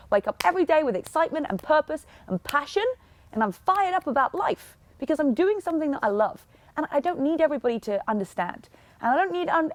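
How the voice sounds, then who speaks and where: Lively high-voiced woman giving a pep talk. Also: no echo. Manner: energetic, emphatic, mimics other people in asides. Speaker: podcast host and fitness coach. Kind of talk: motivational talk.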